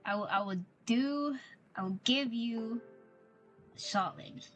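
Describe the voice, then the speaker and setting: Gushing woman streamer, high voice. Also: slow, soft background music. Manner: gushing, playful, repeats herself. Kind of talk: casual gameplay commentary.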